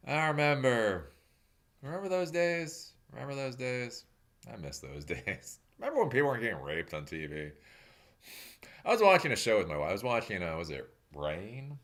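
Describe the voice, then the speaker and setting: Animated man ranting with wild pitch swings. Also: normal speed. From New Zealand. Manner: animated, laughing, swings into loud mocking voices. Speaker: streamer. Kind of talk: casual rant, answering chat questions.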